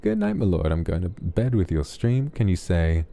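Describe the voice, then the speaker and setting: A man hosting a soft late-night ASMR stream, gently reading viewers' messages aloud and answering them affectionately. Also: low-pitched, very animated, moderate pace, creaky.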